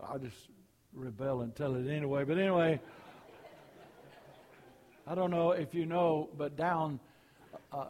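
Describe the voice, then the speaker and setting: An older preacher from Alabama, telling folksy stories in a sermon. His voice sits a little high, and a long church reverb hangs on every word. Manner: folksy, storytelling.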